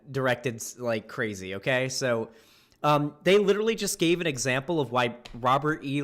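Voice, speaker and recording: Brief: man, mid pitch, halting filler-heavy casual commentary. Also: a bit bright.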